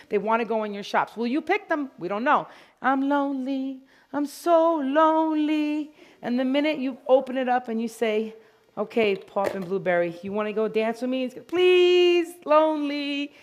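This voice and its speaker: A woman giving an animated, playful live product demonstration to an audience at a store grand opening event. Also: a little high. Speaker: product educator.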